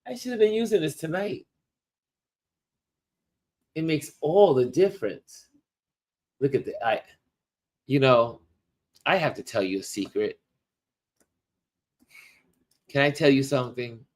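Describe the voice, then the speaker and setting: A middle-aged man chats on a livestream at a very unhurried pace, his voice at an ordinary pitch. He muses aloud and speaks directly to his viewers between pauses. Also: animated, a little mellow. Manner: slow, musing, talks to viewers while showing photos. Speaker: livestream host. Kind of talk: casual livestream chat.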